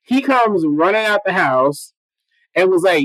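A man with a noticeably high voice tells a story in a loose podcast chat. He swears freely and jumps into quoted dialogue. The sound is dry and close, with no room echo. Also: moderate pace. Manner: animated, profane, acts out quoted dialogue. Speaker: guest telling a story.

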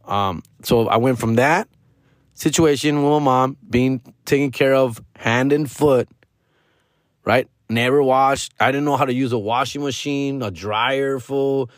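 Speaking a little slowly at medium pitch, a man spins casual stories laced with swearing and slang, code-switching into Spanish and quoting others with animation. The studio-quality recording has no echo.

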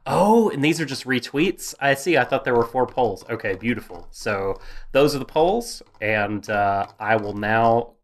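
A man's voice: medium pitch, lively intonation, a little slow. A man co-hosting a casual podcast chat, rambling and self-deprecating with many fillers. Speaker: podcast co-host. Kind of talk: casual anime discussion chat.

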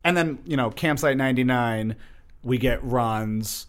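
A young man co-hosts a casual podcast, rambling through a story recap with plenty of fillers. He sounds animated and conversational in a middle-pitched voice. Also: unhurried, clean tone. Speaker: podcast co-host. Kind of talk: casual chat.

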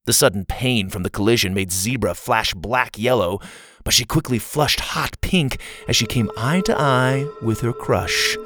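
A man reading a children's story aloud in expressive, scripted narration. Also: medium pitch, a little slow, soft background music. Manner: expressive, varied delivery.

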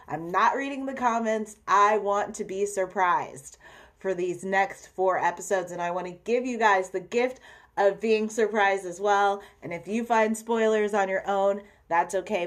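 A young adult woman hosting a solo podcast, talking in a chatty, candid and self-deprecating way. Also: mid-range voice. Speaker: podcast host. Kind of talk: casual solo podcast chat.

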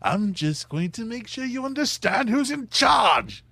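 A man putting on the voice of a menacing clown villain in an old-Hollywood transatlantic style, drawn out and raised well above his own pitch. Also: very animated, measured pace, gravelly, sharp tone, dry recording, full character voice.

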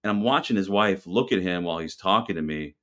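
A man with a fairly low voice talks as a podcast guest. He is blunt and fired up, and he throws in a curse word here and there. He tells his stories with a lot of heat. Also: quick pace, fairly bright tone. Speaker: restaurant owner, guest. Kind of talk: casual podcast interview.

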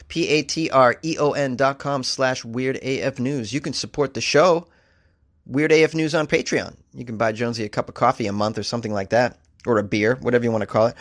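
A man's voice: mid-range voice, fairly bright tone, no echo, clean studio sound. A man hosting a comedy podcast in a casual, jokey, self-deprecating way.

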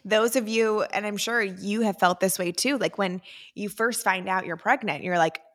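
A woman's voice: medium pitch, normal speed. A young woman co-hosting a podcast in casual chat, talking with lots of fillers. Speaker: podcast co-host.

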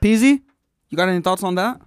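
A man's voice: high voice, fast talker, clean tone, dry recording, studio quality. A man hosting a casual podcast chat, playful and teasing, moving the talk along with questions.

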